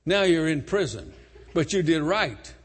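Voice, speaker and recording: A man preaching a sermon, retelling a story dramatically, emphatic and swinging between loud and soft. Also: a little high, animated, measured pace, slightly rough. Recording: long hall reverb.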